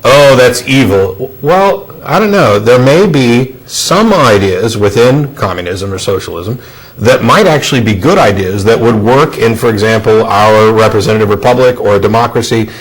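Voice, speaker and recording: Low-voiced man hosting a talk show. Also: husky, low-quality recording. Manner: measured, thoughtful, frequent fillers. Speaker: show host. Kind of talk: studio discussion.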